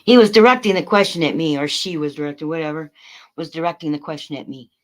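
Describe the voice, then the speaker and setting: A woman livestreaming, ranting at her chat in a profane, mocking way, swinging between loud outbursts and quiet remarks. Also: low voice, quick pace. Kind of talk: angry livestream rant to chat.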